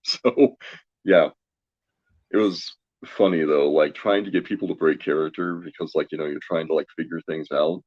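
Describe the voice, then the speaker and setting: A man telling a story as a guest in a casual chat, energetic and chatty, laughing often. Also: very deep voice, normal speed, no room sound, muffled recording. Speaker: guest, tarot reader.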